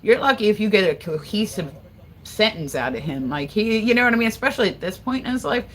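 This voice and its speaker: A woman from Delaware chats on a casual livestream in a mid-pitched voice. She rambles, jumps between stories and swears freely. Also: quick pace, slight background noise, poor audio. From Delaware, USA. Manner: profane, rambling, animated. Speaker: livestream host.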